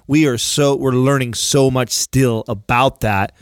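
A man co-hosting a podcast, talking in an animated way in casual chat and swearing freely. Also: mid-range voice, measured pace, smooth, no echo, clean studio sound. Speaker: podcast co-host.

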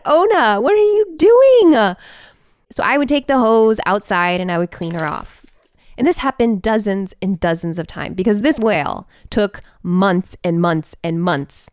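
Woman podcast host, vivid storyteller, smooth clear voice, dry close mic. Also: mid-range voice, no room sound. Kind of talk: personal storytelling.

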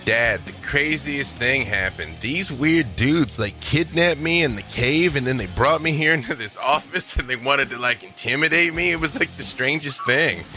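A man's voice: mid-range voice, lively intonation, normal speed, hardly any pauses, bright, forceful tone, faint music behind. A man playing a tabletop game in character, with a laid-back, drawling way of talking. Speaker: player.

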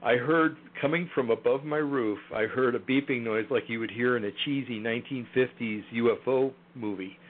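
A man's voice: medium pitch, normal speed, few pauses, slight background noise. A man guest in a casual interview, talking hesitantly with many fillers and restarts. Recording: tinny phone line.

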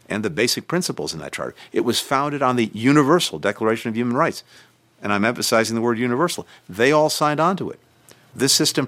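A man, a senior official, giving measured interview answers with emphatic stresses and frequent restarts. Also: mid-range voice, a bit bright.

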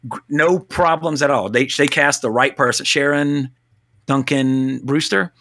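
A man co-hosting a casual film talk, blunt and animated, swearing now and then. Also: medium pitch, unhurried. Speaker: podcast co-host.

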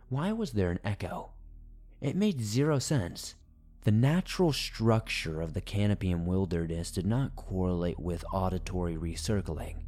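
A man with a low, dark and mellow voice reads a first-person horror story aloud. His telling is tense and dramatic, building dread line by line, with faint music under him.

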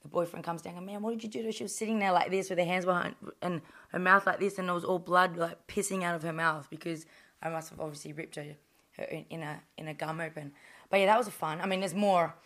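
Fast-talking, brash Australian woman. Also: lowish voice. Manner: animated, blunt, heavy swearing. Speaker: guest, professional boxer. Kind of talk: casual storytelling.

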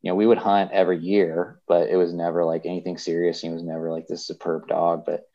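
A young man talks in a deep, low voice, circling back on himself with fillers and restarts as his feelings come through. He sounds openly emotional and unguarded. The recording is a little dull and muffled. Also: little pitch movement, a little fast, mellow. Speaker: podcast guest. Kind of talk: casual chat.

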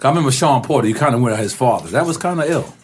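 A male podcast host who asks questions in a casual, teasing way. His speech rises and falls in a very animated way. A clear hiss of noise sits under the voice. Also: medium pitch, rapid-fire. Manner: teasing, hypes the crowd. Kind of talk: casual interview chat.

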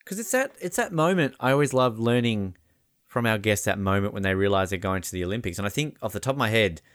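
A host asking questions in a relaxed, conversational way. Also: medium pitch, fast, no room sound, studio quality. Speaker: podcast host. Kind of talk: casual interview.

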